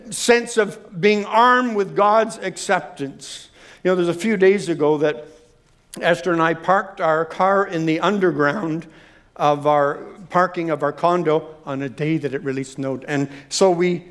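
Male preacher, sermon, high-pitched voice, emphatic, story-driven. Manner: emphatic, animated, repeats phrases.

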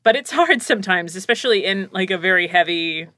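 Bright animated woman chatting. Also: mid-range voice, fairly quick, no room sound, studio quality. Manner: laughs often, animated storytelling. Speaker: podcast guest. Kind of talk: casual chat.

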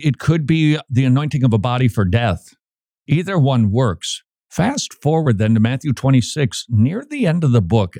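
A man hosting a radio talk show, preaching in a lively way and acting out quoted voices, often repeating his words. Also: mid-range voice, dry recording, clean studio sound.

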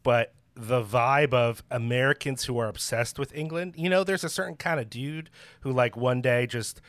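A man's voice: mid-range voice, moderate pace, fairly bright tone, dry recording. A man co-hosting a podcast, ranting in an exasperated way and swearing in casual chat. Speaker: podcast co-host.

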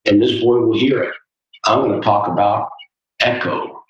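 Earnest basketball coach, roomy and distant. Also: male voice, lowish voice, normal speed, lo-fi sound. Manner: earnest, preacherly storytelling. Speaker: guest, youth basketball coach. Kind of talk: interview storytelling.

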